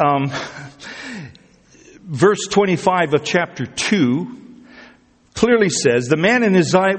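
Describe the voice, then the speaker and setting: A man's voice: high voice, long reverb tail. A man preaching a sermon, talking conversationally, asking his congregation questions and repeating words for emphasis. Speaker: pastor.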